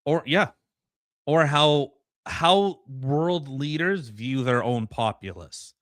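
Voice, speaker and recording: A man's voice: fairly high pitch, takes it slowly, fairly bright tone, no echo, studio quality. A man co-hosting a podcast, giving casual political commentary and reading news articles aloud with blunt, sarcastic asides. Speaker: podcast co-host.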